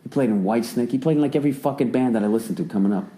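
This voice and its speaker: A man in his forties from the United States, hosting a casual podcast chat and telling stories with lots of swearing and sudden jumps up in pitch when he rants. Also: very fast. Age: 40s. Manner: profane, animated storyteller who swings his voice up high when ranting. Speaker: podcast host.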